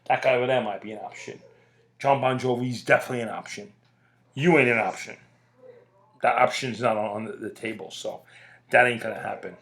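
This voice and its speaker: A middle-aged man holds forth in a loose, swearing rant. His voice sits at an ordinary pitch for a man. He talks bluntly and circles back to the same lines for emphasis. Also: fairly even intonation, a little fast, pauses often, a bit bright. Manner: blunt, profane, emphatic, repeats points. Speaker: podcast host. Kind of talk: casual ranting monologue.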